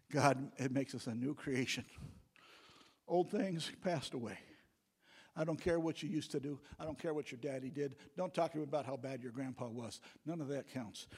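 A man preaching a sermon to a congregation in a church, building to loud, emphatic calls. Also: slightly rough. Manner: preaching with rising, booming emphasis. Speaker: pastor. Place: church sanctuary. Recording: long church hall reverb.

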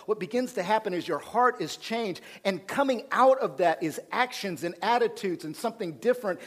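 A pastor delivers a sermon in a slightly high voice for a man. He swings between loud, driving emphasis and quiet, hushed passages. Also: husky.

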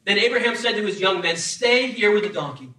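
A high, bright-voiced man preaching a sermon, lively and humorous, slipping into acted voices as he tells the story. He sounds a little off the mic, and the room around him echoes. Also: a little fast, distant mic. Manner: animated, acts out voices with humor. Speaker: pastor.

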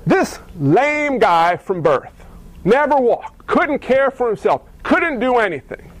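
A man preaching a sermon in a lively, animated way, acting out the people in the story he tells. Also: very high-pitched, takes it slowly, rough recording. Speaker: pastor.

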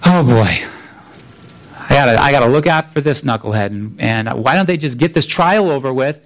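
A man voicing a bored, grumbling Roman soldier who complains about his duty, in a lower voice than his own. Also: lively intonation, moderate pace, lightly acted. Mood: exasperated. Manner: complaining, exasperated.

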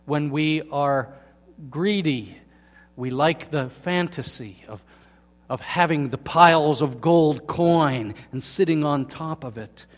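Man preaching in a reverberant hall. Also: fairly high pitch. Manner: asks the congregation questions, swings between soft and loud. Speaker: pastor. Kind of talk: sermon. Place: church hall.

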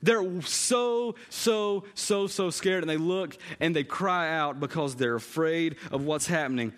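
A man's voice: fairly high pitch, a little slow, fairly bright tone. A man preaching a conversational sermon in a church, often repeating phrases for emphasis. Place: church sanctuary. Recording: long hall reverb.

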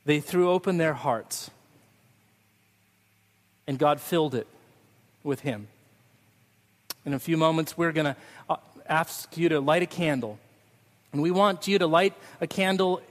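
A man preaching a Christmas Eve sermon as pastor, telling stories and leading prayer. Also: on the high side. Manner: storytelling with sung snippets, ending in prayer. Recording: long hall reverb.

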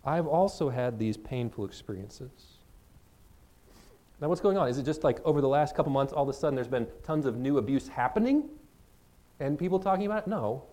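Mellow-voiced man preaching earnestly. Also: fairly high pitch, animated, fast. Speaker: pastor. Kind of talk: sermon.

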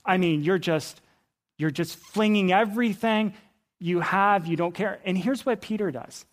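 Male pastor, mid-high voice, animated conversational sermon with acted-out quotes. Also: a little slow. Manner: animated storytelling, acting out Bible characters' lines; conversational, rhetorical questions to the congregation.

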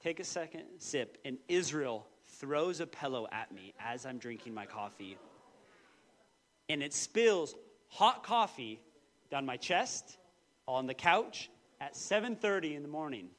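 A man in his thirties preaching a sermon, telling personal stories with lively, acted-out quotes. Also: measured pace. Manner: animated storytelling, quoting voices with big pitch jumps. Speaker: pastor.

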